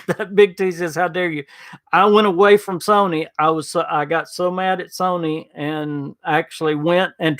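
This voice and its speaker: A man's voice: fairly high pitch, a bit bright. A man hosting a gaming podcast livestream, rambling casually, stumbling over restarts and answering chat messages by name. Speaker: podcast host reading live chat.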